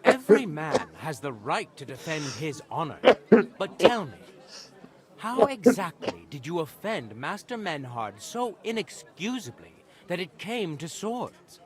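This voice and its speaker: An actor playing a stern, formal medieval judge in a video game. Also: male voice, on the high side, very animated, a little slow, a crowd in the background. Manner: formal, commanding. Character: stern medieval judge, middle-aged man.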